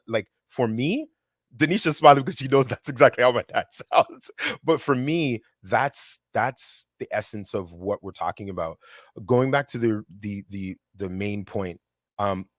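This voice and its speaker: Recorded at studio quality with no room sound, this young filmmaker speaks in a voice on the low side. Chatting casually, he reflects aloud and tells stories animatedly, tossing off quick impressions.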